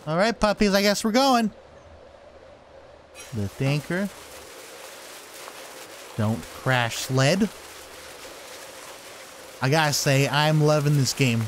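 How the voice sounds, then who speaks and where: A man's voice: fairly high pitch, expressive, slow pace, pauses often, a little hiss or hum. A man giving casual let's-play commentary who swears constantly and talks to his sled dogs and to the game. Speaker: gaming channel host.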